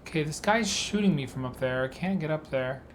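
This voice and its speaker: A man's voice: fairly high pitch, lively intonation, brisk, a little hiss or hum. A man giving casual, rambling commentary while playing a video game, full of filler words. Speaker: let's play gamer.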